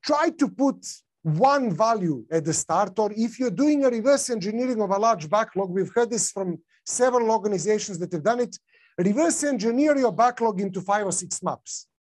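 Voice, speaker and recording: A man's voice: sits high, animated, moderate pace, darkish tone. A man with a non-native English accent giving a conference talk, casual, with many fillers and restarts. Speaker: conference speaker.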